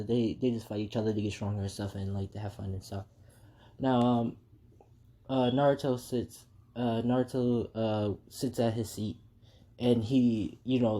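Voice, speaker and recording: A man's voice: on the low side, dark tone. A man casually improvising a fan-made story, rambling with many fillers.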